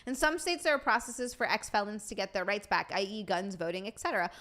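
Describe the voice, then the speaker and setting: A woman's voice: medium pitch, quick pace, a bit bright. A woman streamer chatting casually with her live chat, bubbly and rambling, reading messages aloud.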